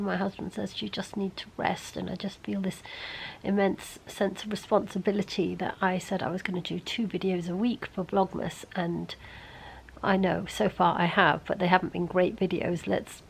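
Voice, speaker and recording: Hoarse, ill woman vlogger. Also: a little hiss or hum, low-quality recording. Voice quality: gravelly. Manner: low, tired, often half-whispered. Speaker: beauty vlogger. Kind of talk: casual vlog chat to camera.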